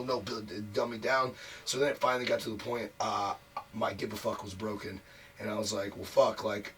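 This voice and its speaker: Man, interview guest, rapid casual storytelling, lots of fillers and swearing, lowish voice, slightly distant mic. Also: fairly bright tone. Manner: frank and profane, heavy on "like" fillers. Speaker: wrestler guest. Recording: voice a bit off mic, faint noise.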